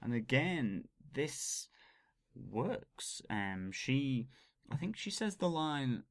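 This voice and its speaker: A man's voice: mid-range voice, big pitch swings, very slow, no room sound, studio quality. A man co-hosting a podcast, explaining scenes and slang in an enthusiastic, chatty way. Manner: enthusiastic and explanatory, describing scenes with some fillers. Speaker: podcast co-host. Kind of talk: casual podcast chat.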